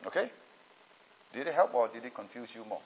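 A man teaching a class on Bible languages and preaching, emphatic and deliberate, often checking in with his listeners. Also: medium pitch, expressive, lo-fi sound, a little hiss or hum.

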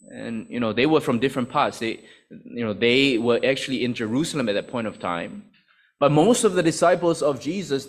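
A man preaching a sermon in a conversational, explanatory way with many asides. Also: mid-range voice.

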